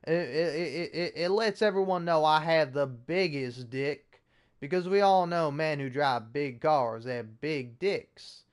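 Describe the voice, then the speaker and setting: A man doing a proudly ignorant Southern redneck who brags and curses with crude swagger. The voice sits a little high and sounds smooth and clear. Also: unhurried, lightly acted. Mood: boastful.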